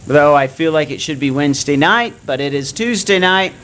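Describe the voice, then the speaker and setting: A man's voice: fairly high pitch, expressive, normal speed, a bit bright, slight background noise. A man from Nova Scotia, Canada, with a Canadian accent touched by a slight Southern drawl, preaching a friendly, story-driven sermon in a church. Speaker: guest preacher.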